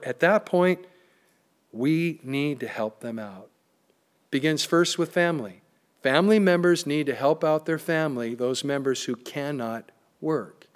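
A pastor preaching a sermon, emphatic and plain-spoken, with joking asides. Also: male voice, fairly high pitch.

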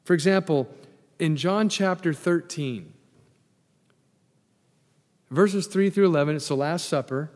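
A man's voice: on the high side, measured pace, long pauses, a little mellow. Preaching man in a reverberant hall. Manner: conversational preaching with asides and humor. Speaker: pastor. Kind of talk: sermon. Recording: long reverb in a large hall.

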